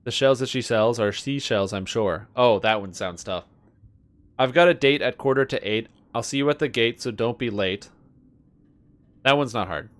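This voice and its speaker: A man's voice: mid-range voice, normal speed. A man streaming live, chatting casually with viewers and playfully stumbling through tongue twisters. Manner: playful, reads tongue twisters aloud, stumbles and laughs at himself.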